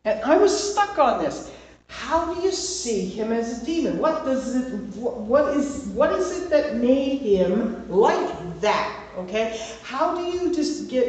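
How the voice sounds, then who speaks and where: Her voice is mid-range and mellow as she guides a casual Bible study, talking conversationally and frequently asking her listeners "okay?". She sounds distant from the microphone in a very echoey room.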